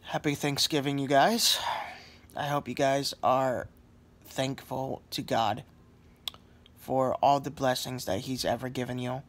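A man's voice: mid-range voice, fairly even intonation, unhurried, a bit bright. A sleepy man lying on a couch at home, rambling in a casual vlog with lots of fillers and apologies. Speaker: vlogger.

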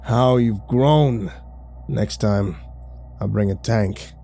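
A man voicing a stern, aging male priest mentor with a gravelly voice, low and commanding. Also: slow, dark tone, a little hiss or hum. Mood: gruff. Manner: stern, commanding, dry chuckle.

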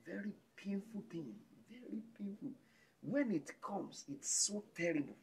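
A man with a Nigerian accent preaching a sermon as pastor, jumping between loud exclamations and hushed lines. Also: high voice, moderate pace, vocal fry, breathy edge.

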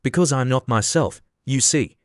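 A man's voice: mid-range voice, normal speed, dry recording, studio quality, lightly acted. A man voicing a polite, shy young girl, reading her earnest lines in an audiobook.

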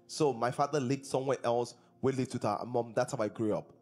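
A man's voice: medium pitch, fairly quick, a little mellow, soft background music. A man preaching a sermon as pastor, repeating his points and asking the congregation questions. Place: church service.

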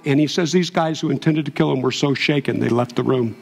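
A man's voice: medium pitch, a little fast, vocal fry, hardly any pauses, a little mellow, slightly rough. A man preaching a sermon as pastor, telling a story and building to impassioned peaks. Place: church sanctuary. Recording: long hall reverb.

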